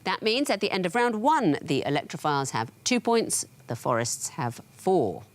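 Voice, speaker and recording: A woman hosting a TV quiz in a studio, explaining answers in a crisp, wry way. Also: lowish voice, very animated, moderate pace, very noisy. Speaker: quiz show host.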